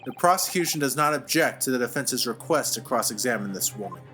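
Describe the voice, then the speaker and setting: A man's voice: mid-range voice, expressive, brisk, pushed and bright, soft background music. A man voicing a cold, haughty aristocratic prosecutor, disdainful in tone, as he reads game dialogue aloud.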